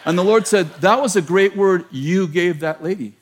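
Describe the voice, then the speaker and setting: American man, pastor, sermon, lively storytelling, laughs at himself, slightly high voice. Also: moderate pace, a little hiss or hum. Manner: animated, laughing, self-mocking storyteller. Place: large church.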